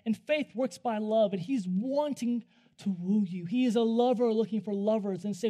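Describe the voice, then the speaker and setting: Guy preaching, telling his own story, highish mellow voice, gets loud then drops quiet, talks right to the crowd. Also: normal speed. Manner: animated, swings between hushed and loud; talks to the audience directly. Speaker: preacher sharing a testimony. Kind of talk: storytelling sermon.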